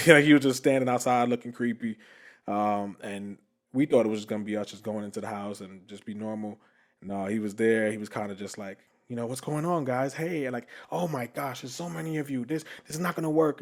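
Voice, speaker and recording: A young man hosting a podcast, telling a story casually with lots of fillers and laughter. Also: on the low side. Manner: animated, laughing, many fillers. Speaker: podcast host.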